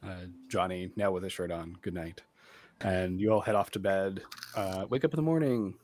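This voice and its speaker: A man narrating as game master in a relaxed, meandering way, with many ums. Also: sits low, moderate pace.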